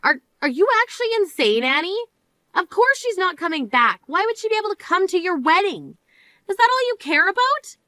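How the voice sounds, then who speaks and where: Grieving older sister played by a woman, high voice, reproachful, scolding, drama voice acting. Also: sing-song, fairly quick, pushed and bright, dry recording, full character voice. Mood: furious.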